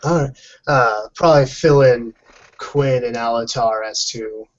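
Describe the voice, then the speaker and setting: A man's voice: mid-range voice, unhurried, dull audio. A man playing a tabletop game, talking in a laid-back, offhand way. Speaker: player. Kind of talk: casual tabletop game chat.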